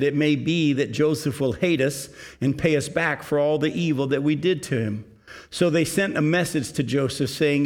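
A man preaching a sermon, reading scripture aloud and explaining it to his congregation. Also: on the high side. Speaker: pastor.

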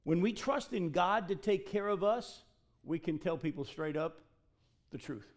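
Male pastor, slightly raised pitch, preaching and reading scripture, deliberate emphasis. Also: expressive. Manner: reads scripture then preaches, addresses congregation directly. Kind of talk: sermon with Bible reading.

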